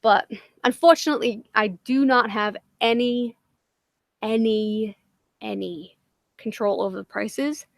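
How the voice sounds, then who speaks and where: A woman's voice: fairly high pitch, fairly even intonation, unhurried, creaky, no echo. A woman with a Boston accent hosting a casual livestream, swearing constantly and rambling with self-deprecating jokes. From Massachusetts. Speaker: livestream host.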